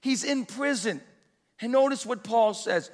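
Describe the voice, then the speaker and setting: A pastor preaching a sermon with emphatic, repeated exhortations in a church. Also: male voice, very high-pitched, measured pace, big-room sound.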